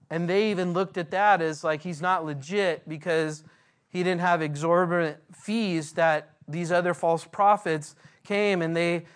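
This pastor's voice sits high as he earnestly leads a verse-by-verse Bible study, taking it slower when reading the scripture itself.

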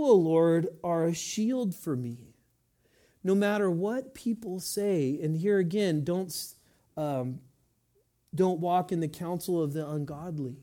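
A middle-aged man preaching a sermon, moving between quiet reflective stretches and rising, emphatic passages. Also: on the high side. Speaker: pastor.

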